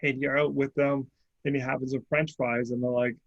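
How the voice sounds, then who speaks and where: A man's voice: mid-range voice, flat delivery, fairly quick, no echo, dull audio. A man hosting an interview, chatty and self-deprecating, acting out what friends say. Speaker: host. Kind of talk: casual interview chat.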